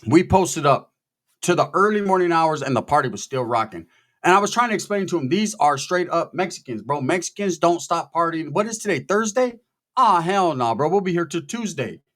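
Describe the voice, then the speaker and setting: A man telling a story in a casual, profane, animated way, acting out the people in it. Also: fairly high pitch, fairly quick. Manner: profane, animated, quotes people in their voices.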